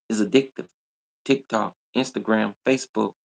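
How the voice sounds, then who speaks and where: Man, very low gravelly voice, scolding livestream host, confrontational and repetitive. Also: moderate pace. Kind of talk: ranting livestream monologue.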